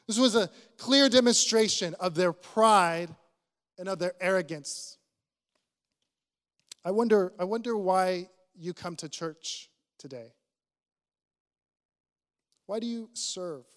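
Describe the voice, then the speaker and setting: A man's voice: high voice, in a large hall. A male pastor preaching a sermon in a church, earnest and probing, putting direct questions to his listeners.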